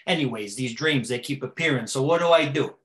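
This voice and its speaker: A man's voice: medium pitch, brisk, fairly bright tone, pitched below the performer's own voice, lightly acted. A man playing a brash, rambling tough-guy co-host with a mobster swagger. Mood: boastful. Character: brash rambling male mob-style co-host. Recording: roomy echo.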